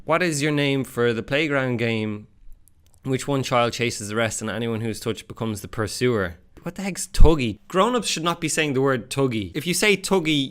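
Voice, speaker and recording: A young man with an Irish accent chatting casually and reacting to a quiz, self-mocking and animated. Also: mid-range voice, clear, resonant tone. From Ireland. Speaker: YouTuber. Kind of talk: casual vlog commentary.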